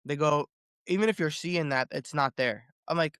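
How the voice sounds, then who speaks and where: Man, podcast host, slightly high voice, excitable storytelling, dry close sound. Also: moderate pace, smooth, no room sound. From Boston area. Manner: animated storytelling, swears freely, repeats words. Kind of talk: casual podcast chat.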